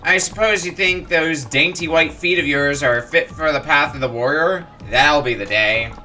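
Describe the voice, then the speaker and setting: A man's voice: fairly high pitch, moderate pace, sharp tone, soft background music. A man voicing a bullying, crude thug samurai, sneering and threatening as he reads game dialogue aloud. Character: bullying middle-aged male thug samurai.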